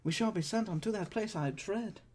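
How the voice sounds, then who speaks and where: A man's voice: high-pitched, moderate pace, a little mellow, voice pushed up. A man voicing a fussy, anxious male protocol droid. He frets and recites in old-fashioned verse. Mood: panicked.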